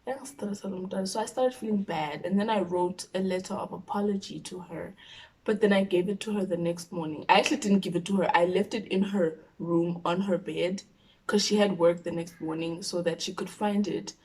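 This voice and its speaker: A young woman in her twenties with a South African accent, telling a personal story on her vlog in an expressive, animated way. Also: lowish voice, normal speed. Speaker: YouTuber.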